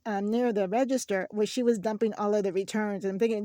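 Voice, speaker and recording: A woman's voice: medium pitch, steady tone, fast, warm tone, no room sound, studio quality. A woman hosting a craft channel, chatting casually through a shopping haul and telling stories with many restarts. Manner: chatty, storytelling, frequent restarts.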